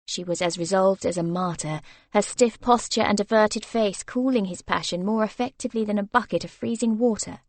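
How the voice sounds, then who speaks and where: A woman reading a romance novel aloud as narrator, soft and even in her storytelling. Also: medium pitch, a little fast, hardly any pauses, no echo. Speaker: audiobook narrator.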